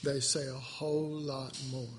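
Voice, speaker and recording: A man giving devotional Bible teaching in a tender, halting, emotionally moved way. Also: mid-range voice, flat delivery. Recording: echoey hall with faint background noise.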